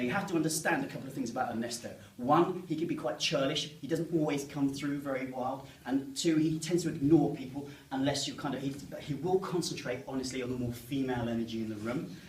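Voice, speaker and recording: A stand-up comedian from the Medway Towns in Kent, England, does chatty, self-mocking material and jokes with the audience in a live comedy room. His voice is mid-range, and the distant mic gives a roomy sound with slight background noise.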